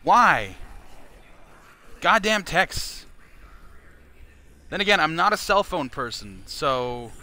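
A man's voice: on the high side, very animated, slow pace, long pauses, bright, forceful tone. A man from Canada hosting a charity livestream who talks in a crude, joking, rambling way. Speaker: livestream fundraiser host. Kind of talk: casual livestream chat.

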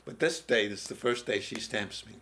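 Older man telling a slow, halting story. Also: fairly low pitch, a bit bright, a little hiss or hum. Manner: slow, halting, with pauses and restarts. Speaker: interview guest, former prison teacher. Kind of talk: reflective storytelling. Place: TV studio.

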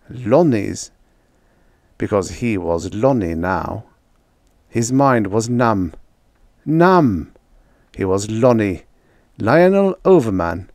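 A man narrating a vintage science fiction story as an audiobook, in a measured, steady reading with dramatic lift. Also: on the low side, gravelly, no room sound, studio quality.

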